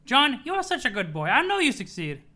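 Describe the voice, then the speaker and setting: Streamer putting on a higher old granny ghost, doting, patronizing, theatrical, bright voice. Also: wildly swooping pitch, fairly quick. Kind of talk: reading a webcomic aloud on stream.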